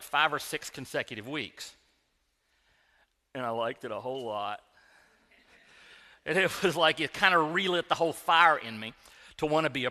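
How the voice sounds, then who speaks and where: A middle-aged man delivers a sermon in a church sanctuary, his voice bright and a little high. He talks like he's telling a friend a story, circling back and restarting phrases. A long reverb trails behind him in the hall. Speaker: pastor.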